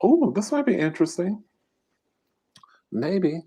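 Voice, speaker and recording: A man's voice: high voice, very animated, takes it slowly, dark tone, slightly rough. A man hosting a live-stream trivia game, reading questions aloud and bantering casually with his chat. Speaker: mukbang host running a live trivia game.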